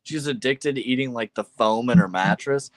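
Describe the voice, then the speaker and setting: A man's voice: mid-range voice, moderate pace, heavy background noise. A man in his twenties hosting his birthday live stream, chatting casually, swearing freely and laughing often. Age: 20s. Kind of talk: casual chat.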